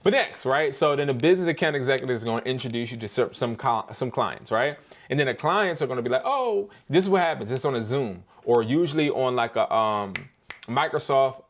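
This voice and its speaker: A young man hosts a casual livestream lesson in street slang, his pitch swinging widely as he talks. He plays out sales calls in a lower register and then breaks into loud, excited bursts. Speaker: host of a live business workshop.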